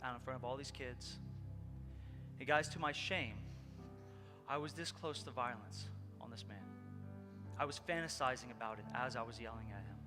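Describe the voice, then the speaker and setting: A man's voice: medium pitch, moderate pace, long pauses. A man preaching a conversational sermon, telling a personal story earnestly and speaking directly to his congregation. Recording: long hall reverb with loud music behind.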